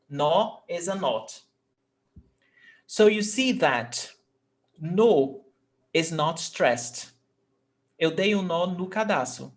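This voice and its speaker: A man with a Brazilian Portuguese accent teaching a live online lesson, repeating example sentences and checking that students follow. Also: fairly high pitch. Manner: patient, repeats examples slowly, checks understanding.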